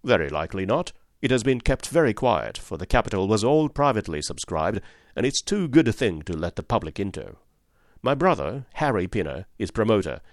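A man voicing a brisk, sharp-spoken middle-aged financial agent who flatters and talks up a job offer in an audiobook. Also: fairly low pitch, no room sound, clean studio sound, natural voice. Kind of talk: audiobook character voice.

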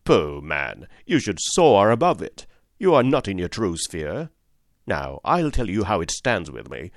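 A man voicing a brisk, sharp-spoken middle-aged financial agent who flatters and talks up a job offer in an audiobook. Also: sits low, dry recording, studio quality, exaggerated voice. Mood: flattering. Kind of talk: audiobook character voice.

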